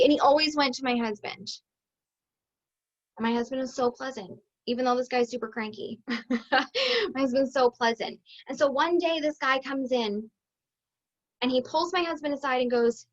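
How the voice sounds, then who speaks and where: A woman with a high voice tells a personal story to her viewers, chatty and expressive. The recording sounds a little dull and lo-fi. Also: normal speed, pauses often. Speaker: business coach.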